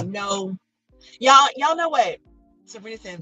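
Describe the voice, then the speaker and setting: A bright, clear-toned middle-aged woman talking casually to her live chat audience. She laughs easily and enunciates each syllable, with soft music playing faintly behind her. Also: medium pitch, lively intonation, unhurried, poor audio. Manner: chatty, laughing, pronounces every syllable. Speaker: livestream host reading chat.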